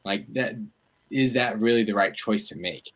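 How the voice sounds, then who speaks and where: Husky low-voiced man, animated chat. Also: moderate pace, low-quality recording. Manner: animated, lots of "like" fillers. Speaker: guest, media activist. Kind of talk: casual interview talk.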